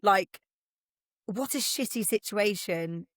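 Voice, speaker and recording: A woman hosting a casual podcast conversation, asking gentle, probing questions. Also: medium pitch, lively intonation, slow, no echo, clean studio sound. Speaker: podcast host.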